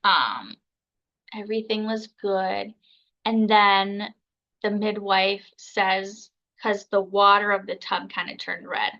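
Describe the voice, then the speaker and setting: A woman's voice: medium pitch, slow, gravelly, pushed and bright, lo-fi sound. A woman in her thirties, a podcast guest telling a personal story in a casual, chatty way, full of fillers and acted-out quotes. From United States. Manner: chatty, filler-heavy, acts out others' words.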